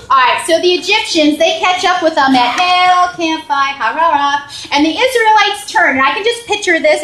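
A woman from New York preaches with a bright, high voice. She talks to her listeners conversationally, asks "right?" again and again and acts out what people said. The sound rings in a reverberant hall. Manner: animated, conversational, with repeated "right?" and acted-out quotes. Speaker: pastor. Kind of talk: sermon. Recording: echoey hall.

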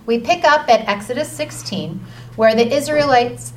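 A woman's voice: fairly high pitch, normal speed. Enthusiastic woman teaching a kids' Bible lesson. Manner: enthusiastic, chatty, reads scripture aloud. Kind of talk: lively Bible lesson for kids. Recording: distant mic with faint noise.

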